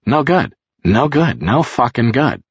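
A man's voice: mid-range voice, sing-song, a little slow, husky, no echo, pitched above the performer's own voice, full character voice. A man voicing a bitter, pained, short-tempered addict who snaps and curses, in a dull lo-fi recording. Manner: snapping, cursing.

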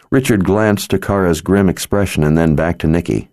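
A man narrating an audiobook in a measured, steady manner. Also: sits low, dry recording, clean studio sound.

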